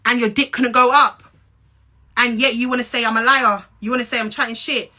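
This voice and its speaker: Speaking fairly fast with a steady tone, this young Englishwoman goes on an angry, profane rant directly to camera, confronting the listener and hammering her points through repetition. She has a London and Essex accent and a high, bright, sharp voice. She's a social media personality.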